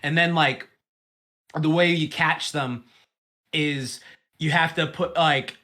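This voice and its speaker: Young male co-host, bright higher voice, profane rambling riffer. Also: slow. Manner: rambling, profane, animated storytelling with put-on quotes. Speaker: podcast co-host. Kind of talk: casual chat.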